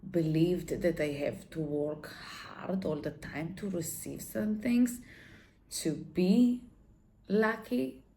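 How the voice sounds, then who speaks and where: A woman's voice: on the low side, slow, dark tone, slight background noise. A woman vlogger telling a personal story in an emotional, candid way, swearing freely and restarting her sentences. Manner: talks with many fillers and restarts.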